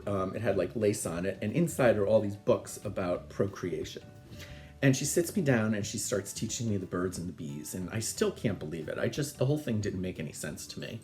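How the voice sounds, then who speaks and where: A middle-aged man, the host, telling family stories in a chatty, animated way and laughing often. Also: fairly low pitch, fairly quick, faint music behind. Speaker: podcast host. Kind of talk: casual storytelling.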